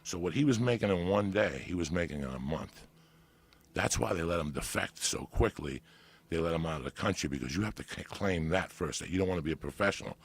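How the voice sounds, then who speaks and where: Gravelly, profane New man. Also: sits low, a little fast. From New Jersey. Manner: animated, profane storyteller. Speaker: podcast guest. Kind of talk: casual storytelling.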